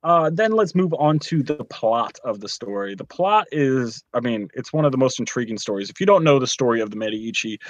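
A man's voice: medium pitch, lively intonation, a little fast, few pauses, no echo, highs cut off. A man co-hosting a podcast, giving a casual, rambling TV review with lots of fillers. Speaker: podcast co-host reviewing a show.

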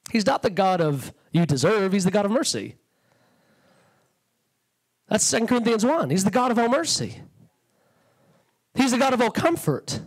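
A man's voice: sits high, low-quality recording. A man preaching a sermon as a guest speaker, passionate and conversational, acting out little quotes. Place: church sanctuary.

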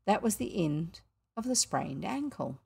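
A woman with a New Zealand accent narrating a children's book in a measured, expressive way. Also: fairly low pitch, gravelly, slightly rough. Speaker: audiobook narrator. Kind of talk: storybook narration.

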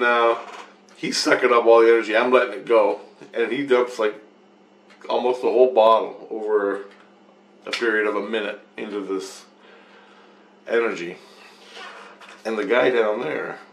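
A man's voice: on the low side, steady tone, normal speed, pauses often. A man telling a rambling spiritual story, swearing and chuckling often as he goes. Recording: echoey room with faint noise.

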